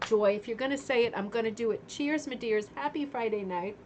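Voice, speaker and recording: A woman's voice: a little high, brisk, darkish tone, slight background noise. A woman hosting a casual craft livestream from home, chatty and greeting viewers one by one while getting over a sore throat. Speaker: livestream host of a craft club. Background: fan running.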